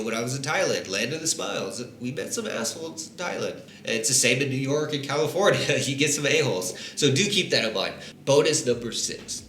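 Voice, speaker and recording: A man's voice: medium pitch, a bit bright, echoey room, a little hiss or hum. A man vlogging casually to camera, chatty and informal, laughing now and then between points. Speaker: travel vlogger. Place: living in Vietnam.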